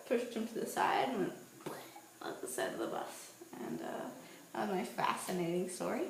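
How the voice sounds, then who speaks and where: Walking outdoors on a nighttime street, a woman in her twenties holds her camera and tells lively, playful stories for her vlog. Her medium-pitched voice is creaky and moderately paced, captured with a roomy echo and faint ambient sound.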